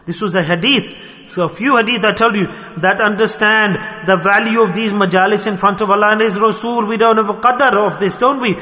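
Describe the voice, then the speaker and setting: A man's voice: high-pitched, fairly even intonation, fairly quick, bright, forceful tone. A man preaching a sermon to a gathering, impassioned and pleading, weaving Arabic and Urdu religious terms into his English. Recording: long hall reverb.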